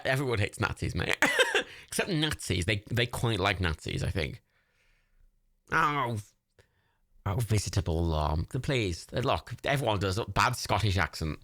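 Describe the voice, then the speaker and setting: A man's voice: fairly low pitch, a bit bright. A man hosting a livestream watch party, giving casual, chatty commentary over a film, swearing freely and breaking into laughter. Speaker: livestream host.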